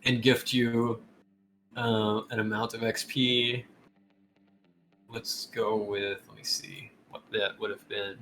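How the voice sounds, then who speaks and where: A man's voice: lowish voice, level tone, takes it slowly, a little hiss or hum. A man narrating a tabletop game as game master, laughing often and chatting loosely with his player. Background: soft music.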